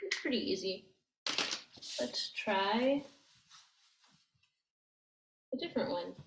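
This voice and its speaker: A woman teaching a language lesson, explaining gently and step by step with frequent ums. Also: mid-range voice, very animated, unhurried, gravelly, echoey room, a little hiss or hum, poor audio. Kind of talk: slow, patient language lesson.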